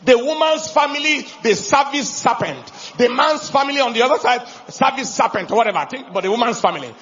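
Animated pastor with gravelly voice. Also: male voice, very high-pitched, normal speed, pauses often, muffled recording. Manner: animated preaching, bursts into shouts and laughter. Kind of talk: sermon.

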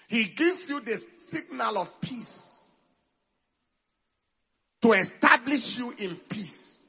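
A man preaching a sermon as pastor, swinging from quiet talk to loud calls for the congregation to answer. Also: sits high, creaky, slightly rough, highs cut off.

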